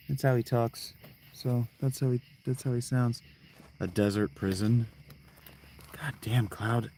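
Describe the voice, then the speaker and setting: Recorded in a tent on a clip-on mic, a let's play streamer rambles through casual gaming commentary, swearing often and talking to himself. His mid-range voice is warm and level, and he speaks unhurriedly with long pauses.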